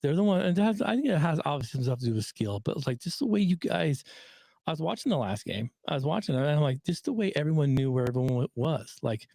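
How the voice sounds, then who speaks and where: A man's voice: fairly high pitch, fast, creaky, no echo. A man hosting a casual interview, telling stories animatedly and acting out quotes. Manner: animated storyteller, acts out quotes. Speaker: podcast host and recovery coach.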